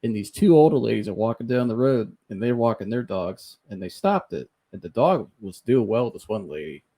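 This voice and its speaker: A man hosting a podcast, telling a funny story in a casual, animated way, laughing often and mimicking the people he quotes. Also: fairly low pitch, brisk. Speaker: podcast host.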